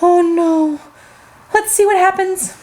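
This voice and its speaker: High-voiced woman reading to kids. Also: slow pace. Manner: gentle, animated, talks to kids directly. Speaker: children's storyteller.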